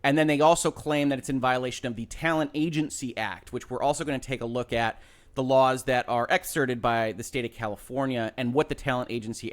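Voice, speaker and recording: A man, a lawyer and show host, explaining a legal case in a measured, careful way with frequent pauses and fillers. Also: medium pitch.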